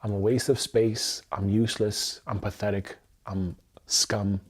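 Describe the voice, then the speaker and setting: A man's voice: lowish voice, flat delivery, a little slow. A man leading an emotional tapping livestream, speaking in intense, repetitive affirmations with some swearing. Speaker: self-help livestreamer.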